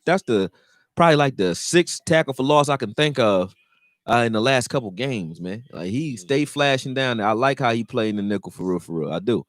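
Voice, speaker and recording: A man hosting a live stream, chatting loosely with slang and getting loud and heated when reacting to plays. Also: medium pitch, big pitch swings, a little fast, dry recording, clean studio sound. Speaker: livestream host reacting to a football game. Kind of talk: casual live commentary chat.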